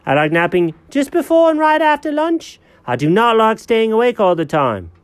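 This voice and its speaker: Man doing a high, lively, smug scheming cat with a dry sound. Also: normal speed, dry recording. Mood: fussy. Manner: high, fussy and know-it-all.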